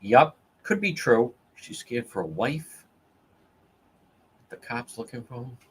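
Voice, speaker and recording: A man's voice: medium pitch, slow, husky. A man hosting a livestream, telling stories in a casual, profane, laughing way. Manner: profane, laughing, animated storytelling. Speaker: livestream host.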